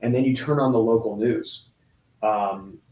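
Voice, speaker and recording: A man's voice: lowish voice, lo-fi sound. Guy in his 40s telling his story, lots of restarts, kinda echoey room. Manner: halting, with many restarts and pauses. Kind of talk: emotional personal account in an interview. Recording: roomy echo.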